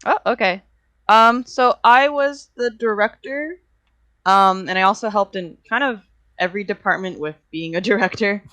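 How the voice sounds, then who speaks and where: A woman's voice: mid-range voice, moderate pace, bright, forceful tone, dry recording. Young woman on a video call, giggly and kinda rambly, lots of ums, dry close sound. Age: young adult. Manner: giggly, rambling, self-deprecating. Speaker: animation student and director. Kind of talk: casual video-call interview.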